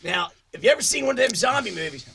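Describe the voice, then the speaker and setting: A man voicing a crude, drunken male redneck advice-giver who rants in loud, vulgar bursts for a comedy call-in show. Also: high voice, sing-song, quick pace, a little hiss or hum, full character voice. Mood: rowdy ranting. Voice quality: gravelly shouting rasp. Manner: rowdy, boastful, vulgar rants.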